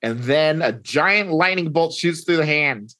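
A man casually recapping a comic book storyline, rambling with many fillers and quick impressions of the characters. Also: fairly high pitch, lively intonation, bright, forceful tone. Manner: rambling retelling with fillers and acted-out quotes. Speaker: podcast co-host recapping comics. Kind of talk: casual chat.

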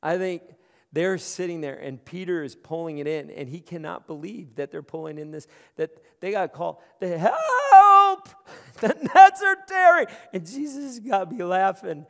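A male pastor preaches in a loose, conversational way, doubling words as he gets going. His voice is gravelly and sits a little high. It carries a long reverb from a large room. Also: moderate pace, darkish tone. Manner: conversational, repeats words as he starts phrases. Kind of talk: sermon.

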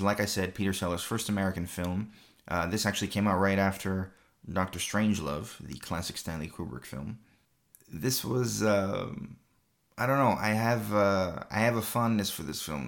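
A man's voice: deep voice, vocal fry. A man hosting a film review show, talking casually and rambling, with many fillers and repeated phrases.

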